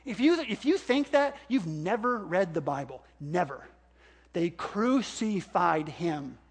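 An older male pastor delivers a sermon in a notably high voice. He is animated, acting out exclamations and quoted voices as he preaches. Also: slow, slightly rough.

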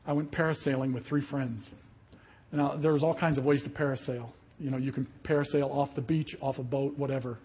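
A man preaching a sermon as a pastor, telling a story with lively acted-out voices. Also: mid-range voice, fairly quick, breathy edge, muffled recording. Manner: animated storyteller, acts out voices of people in the story.

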